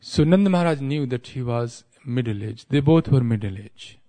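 A man's voice: medium pitch, lively intonation, normal speed, warm tone. A man giving a devotional lecture, telling a sacred story in an easygoing way, restating and explaining as he goes and chuckling at his own wordplay. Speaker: spiritual speaker.

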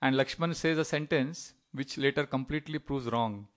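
A man's voice: mid-range voice, moderate pace. A middle-aged man giving a sermon in a conversational storytelling way, often acting out the voices of people in his stories. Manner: conversational, with fillers and small laughs. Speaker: preacher.

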